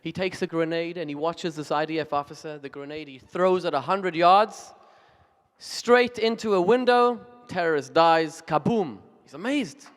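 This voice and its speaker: Male rabbi, animated sermon, high pitched, big hall reverb. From Zimbabwe. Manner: animated joke-telling, emphatic. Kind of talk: storytelling sermon. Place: large music hall. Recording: long reverb of a large music hall.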